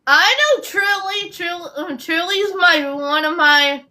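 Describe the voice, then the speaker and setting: A woman chatting on a livestream in a halting, giggly way. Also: very high voice, sharp tone. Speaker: guest on a livestream. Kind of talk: casual chat.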